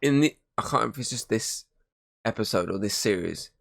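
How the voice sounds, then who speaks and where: Fast-talking low-voiced man in casual chat. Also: lively intonation, creaky. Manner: quick, swearing, laughs often.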